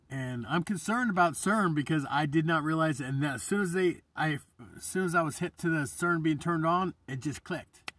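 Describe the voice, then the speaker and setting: A man's voice: a little high, fairly bright tone, breathy edge, no echo, far from the mic. A man hosting his own channel, delivering a rambling, profane, agitated monologue. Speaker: channel host. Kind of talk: ranting monologue.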